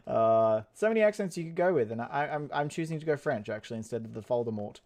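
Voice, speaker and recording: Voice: medium pitch, lively intonation, brisk, long pauses, darkish tone. Goofy, rambling game commentator. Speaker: game streamer. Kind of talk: let's play commentary.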